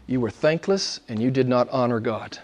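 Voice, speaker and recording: A middle-aged man, a pastor preaching a sermon, swinging from loud emphatic lines to soft low asides. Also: moderate pace.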